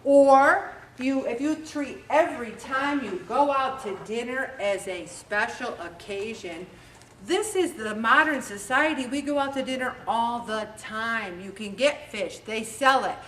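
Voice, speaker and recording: A woman leading a weight-loss group, giving an animated motivational talk and acting out quotes. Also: fairly high pitch, measured pace. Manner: animated, acts out quotes with lively voices. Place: meeting room with an audience. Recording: echoey room recorded from a distance, faint hiss.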